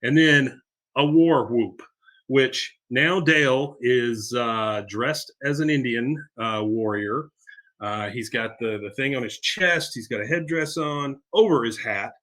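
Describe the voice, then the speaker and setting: A man's voice: medium pitch, measured pace, fairly bright tone. A man hosting a podcast, chattily recapping a cartoon episode and laughing as he retells scenes. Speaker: podcast host.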